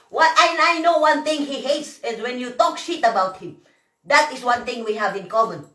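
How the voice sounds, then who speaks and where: High-voiced hoarse woman ranting in echo. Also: bright, forceful tone, distant mic. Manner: profane, rambling, emphatic. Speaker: vlogger. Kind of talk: emotional rant to camera. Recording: echoey room, voice off-mic.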